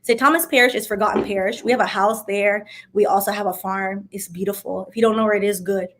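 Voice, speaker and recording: A young woman from Miami talks through viewer questions in a loose, chatty vlog. Her voice sits at an ordinary middle pitch. She keeps things sassy, dropping wry little asides as she goes. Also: steady tone, fast. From Miami, USA. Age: young adult. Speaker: vlogger answering viewer questions. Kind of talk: casual Q&A chat.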